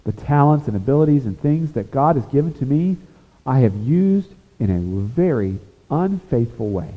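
A pastor preaching a sermon, earnest, rising to emphatic points and dropping to a hushed, confessional tone. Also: male voice, mid-range voice, animated, moderate pace. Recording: echoey hall over a tinny phone-like line.

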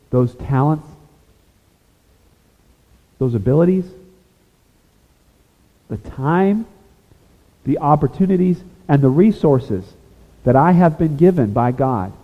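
A pastor preaching a sermon, earnest, rising to emphatic points and dropping to a hushed, confessional tone. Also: male voice, mid-range voice. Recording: echoey hall over a tinny phone-like line.

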